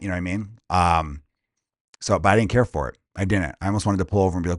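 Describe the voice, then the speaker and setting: A man hosting a comedy podcast, ranting casually in a crude, profane, animated way and slipping into quick impressions. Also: deep voice, no room sound, studio quality.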